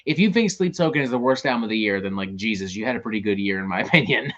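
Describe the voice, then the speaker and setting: A man's voice: on the low side, animated, racing, fairly bright tone, lo-fi sound. A man hosting a show, ranting in casual talk, profane and exasperated. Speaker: host.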